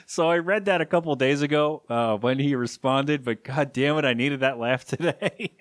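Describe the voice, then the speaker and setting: A man's voice: mid-range voice, moderate pace, no echo. Man, podcast host, rambling and self-deprecating, dry close sound, home studio. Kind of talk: rambling solo podcast chat.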